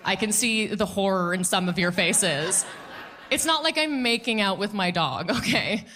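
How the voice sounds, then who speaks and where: A woman in her thirties performing a stand-up comedy set on a club stage, animated and quick to mimic people in her stories. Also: mid-range voice.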